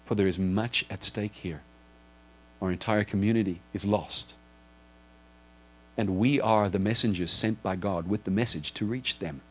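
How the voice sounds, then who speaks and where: A man's voice: fairly low pitch, moderate pace, a bit bright. A man preaching a sermon to a congregation, earnestly explaining and asking his listeners direct questions. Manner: explains with a drawn board, asks if listeners follow. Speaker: pastor.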